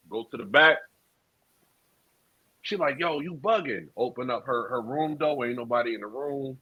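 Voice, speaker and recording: Man telling a profane, animated story. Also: medium pitch, normal speed, pauses often, breathy edge, no echo. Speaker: podcast co-host. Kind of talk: casual storytelling. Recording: dull lo-fi sound.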